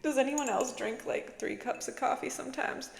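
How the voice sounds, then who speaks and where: A woman's voice: high voice, moderate pace, creaky. A woman chatting casually as a spiritual vlogger, rambling and giggly, with lots of "like". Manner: chatty, giggly, says "like" a lot. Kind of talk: casual rambling chat to camera. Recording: echoey room with long reverb.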